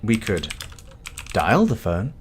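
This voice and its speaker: A man hosting a live game stream, his lowish voice swinging widely as he reacts. He swears freely and laughs often, talking animatedly with his co-player. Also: sing-song, slow, background noise. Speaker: streamer host. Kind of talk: live game-play commentary.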